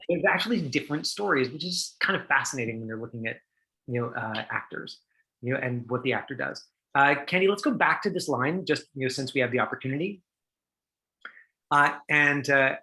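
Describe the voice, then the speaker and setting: A man's voice: on the high side, bright, forceful tone, rough recording. A middle-aged man teaching an online acting class, chatty and full of fillers, acting out line readings for his students.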